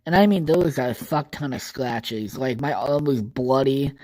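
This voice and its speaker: A man's voice: mid-range voice, moderate pace, dark tone, low-quality recording. A young man hosting a solo podcast, rambling casually with constant swearing and filler words. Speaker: podcast host.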